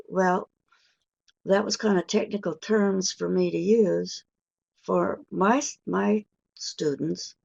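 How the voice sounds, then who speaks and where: An older woman teaching pronunciation in a webinar lecture, speaking deliberately and stretching key words for emphasis. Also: mid-range voice, gravelly, darkish tone, breathy edge. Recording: dull lo-fi webinar audio.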